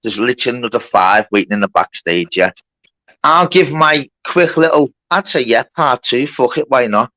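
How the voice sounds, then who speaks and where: A man's voice: medium pitch, lively intonation, normal speed, pushed and bright, dry recording, low-quality recording. A man hosting a mock court on a live stream, laying down rules and swearing at people who interrupt. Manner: bossy, sweary, keeps order. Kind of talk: casual live-stream moderation.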